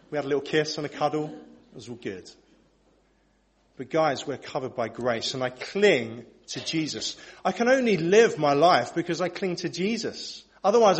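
A man in his thirties preaching a sermon at a church service, candid and animated as he tells personal stories. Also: fairly high pitch. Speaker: preacher and worship leader.

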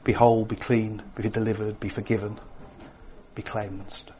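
A man preaching a sermon, swinging between emphatic lines and hushed, quiet ones. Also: on the low side, level tone, moderate pace, highs cut off, slight background noise.

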